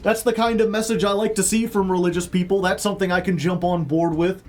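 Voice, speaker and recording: Male streamer from Chicago, slightly high voice, loose rambling delivery with joking asides, faint background music. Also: steady tone, fast, a little mellow. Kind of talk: casual chat with stream viewers.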